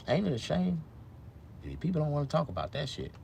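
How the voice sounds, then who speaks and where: A man's voice: brisk, gravelly, slightly rough. A man chatting casually on a live stream, rambling and swearing, with speech slurred by missing teeth. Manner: rambling, swears a lot, swings from low mumbles to loud excited outbursts.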